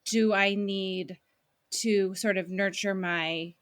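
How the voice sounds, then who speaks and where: Woman host, mid-pitched, dry room, halting question-asker. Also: fairly even intonation, no room sound. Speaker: podcast host. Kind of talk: podcast interview.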